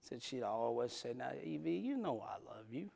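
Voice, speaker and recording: A man preaching a sermon, telling stories, swinging from loud hollering to soft, tender passages in a folksy Southern preaching cadence. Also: mid-range voice, sing-song, moderate pace, vocal fry. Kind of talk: sermon with storytelling.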